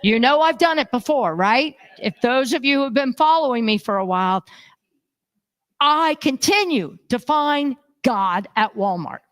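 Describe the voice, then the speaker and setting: Preaching in a church sanctuary at a measured pace, a high-pitched woman minister brings her sermon's stories to life, animatedly voicing the characters within them.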